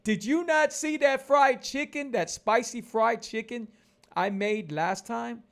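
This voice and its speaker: Man in his forties, diet vlogger; high gravelly voice, emphatic, repeats every point. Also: slow pace, fairly bright tone. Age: 40s. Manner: emphatic, repetitive, preachy. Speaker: keto lifestyle vlogger. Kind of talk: casual motivational vlog talk.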